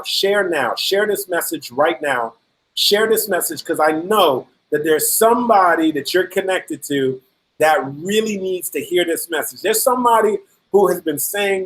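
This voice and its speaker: A man's voice: sits high, low-quality recording. A middle-aged man giving an emphatic motivational talk, telling a personal story and repeating key phrases for effect. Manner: emphatic, repetitive, storytelling with acted-out quotes. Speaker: motivational speaker.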